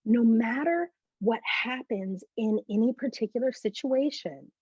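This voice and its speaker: A woman guest giving a personal faith testimony as an animated storyteller who acts out the conversations she recounts. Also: medium pitch, breathy edge, no room sound. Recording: muffled lo-fi dry recording.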